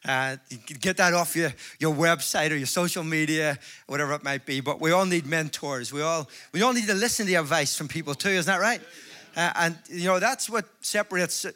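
A Northern Irish man preaching to a conference crowd in a high, bright voice. He mixes jokes with fervent calls to his listeners. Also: fairly quick. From Northern Ireland. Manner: jokey, rising to fervent exhortation. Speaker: evangelist preacher. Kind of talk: conference sermon with humor. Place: large conference hall before an audience.

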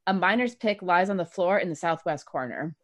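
A woman narrates as game master, calmly setting out each room for the players. Her voice sits a little low for a woman, and she laughs easily between descriptions. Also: fairly quick. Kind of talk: narrating a tabletop game on a stream.

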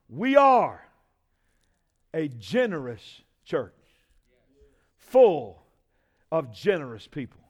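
A man preaching a sermon as pastor, calling out to the congregation and building to shouts. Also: on the high side, wildly swooping pitch, drawn-out words, pauses often, breathy edge.

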